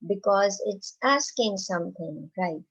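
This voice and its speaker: A woman teaching a slow, simple lesson to young children. She encourages them and asks questions that she then answers herself. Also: medium pitch, lively intonation, lo-fi sound. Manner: reads example sentences very slowly and clearly.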